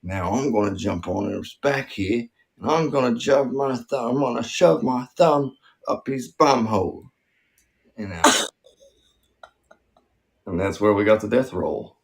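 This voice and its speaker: A man's voice: mid-range voice, a little slow, gravelly, long pauses. A man doing a brash outback croc wrangler. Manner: exaggerated broad Aussie put-on, brash.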